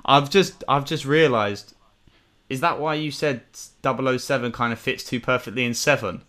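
A young man hosting a podcast, chatting casually and relaxed with plenty of slang. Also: medium pitch, moderate pace. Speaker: podcast co-host. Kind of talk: casual chat. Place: home, remote call.

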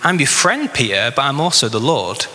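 A man voicing a calm, firm teacher who gives measured commands to his follower. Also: medium pitch. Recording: long hall reverb.

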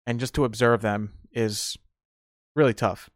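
A man's voice: mid-range voice, steady tone, unhurried, no room sound, clean studio sound. A man hosting a solo podcast, telling casual stories and rambling, often repeating and restarting his words. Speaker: podcast host.

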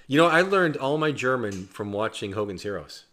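A man co-hosting a casual podcast, trading jokes and laughing easily. His lines often drop off softly at the end. There is a faint hiss under the recording. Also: medium pitch. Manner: joking, laughs often, trails off quietly. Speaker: podcast co-host. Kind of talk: casual chat.

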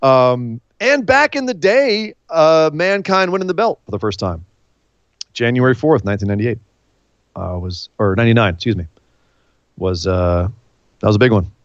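A man co-hosting a casual podcast, excitable and animated, acting out big moments with shouts and laughs. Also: medium pitch, moderate pace, no echo, lo-fi sound. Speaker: podcast co-host.

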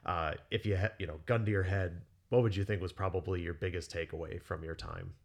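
A man hosting a history podcast, leading a casual interview. He phrases his questions loosely, with plenty of fillers along the way. His voice sits fairly low. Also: steady tone, a little fast, vocal fry. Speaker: podcast host.

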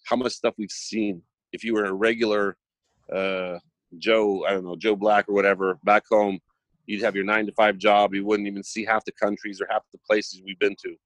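A man's voice: fairly low pitch, moderate pace, no echo. A man chatting casually, telling anecdotes and acting out the dialogue. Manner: animated storyteller, acts out dialogue. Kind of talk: casual chat.

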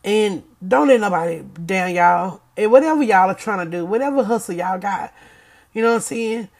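A woman chatting casually to her viewers and reading aloud from a book, emphatic, repeating herself and stuttering when she gets excited. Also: medium pitch, moderate pace.

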